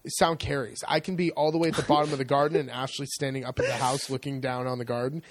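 A man's voice: medium pitch, level tone, fast talker. A man co-hosting a podcast, explaining things in a casual, rambling way. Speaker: podcast co-host. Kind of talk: casual chat.

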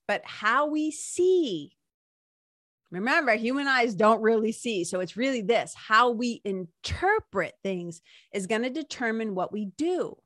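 A woman with a fairly high, slightly bright voice talks animatedly at a measured pace, captured in studio quality without room sound. She retells a book's story casually with read-aloud quotes, chatty and full of "like" and "right?" asides.

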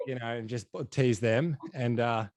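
A man's voice: mid-range voice, normal speed, a little mellow, no room sound. An Australian man hosting an interview, rambling casually with lots of fillers. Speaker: podcast host.

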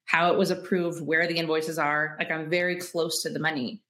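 A woman's voice: deep voice, little pitch movement, normal speed, fairly bright tone, echoey room. A woman guest entrepreneur telling candid stories in an interview, acting out quoted dialogue and laughing often.

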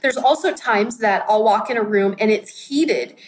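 A woman's voice: medium pitch, normal speed, a little hiss or hum, poor audio. A woman in her forties giving a candid, conversational sermon and acting out her own quotes. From United States. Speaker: pastor.

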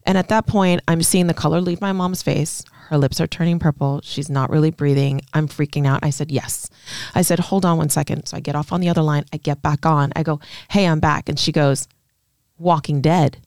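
A woman talks into a studio mic in a relaxed podcast chat, telling an emotional story and playing out what others said. Her voice is smooth and clear, and the recording is close and dry. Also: deep voice, a little fast, dry recording. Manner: emotional storytelling, acts out quoted lines. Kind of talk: casual podcast conversation.

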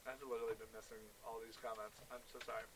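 A man hosting a casual sports podcast, chatting excitedly and reading out viewer comments. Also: mid-range voice, quick pace, far from the mic, a little hiss or hum, low-quality recording. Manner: excitable, laughing, reads live comments. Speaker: podcast host. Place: room with other hosts.

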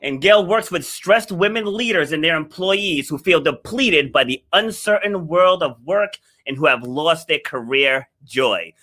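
A man's voice: fairly high pitch, animated, unhurried, hardly any pauses, sharp tone. A man hosting a podcast interview, enthusiastic and affirming, laughing often with his guest. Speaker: podcast host.

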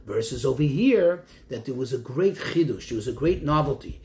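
A man's voice: high-pitched, normal speed. A man, a rabbi, teaching a Torah lesson, posing questions and quoting Hebrew verses before translating them. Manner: animated, rising and falling emphasis.

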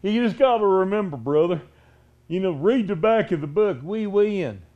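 A man's voice: high voice, expressive, moderate pace, narrow, tinny audio. A man imitating a grinning, glib churchgoer who offers a hearty slogan. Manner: hearty, chummy.

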